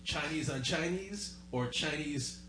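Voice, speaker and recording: A man's voice: fairly high pitch, a little slow, bright, forceful tone, soft background music. A man in casual chat, making blunt, teasing interjections.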